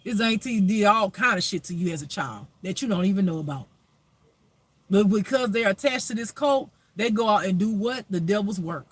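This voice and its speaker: A man's voice: high voice, normal speed, dry recording. A man giving a spiritual reading as a life teacher, preaching emphatically with rhetorical questions.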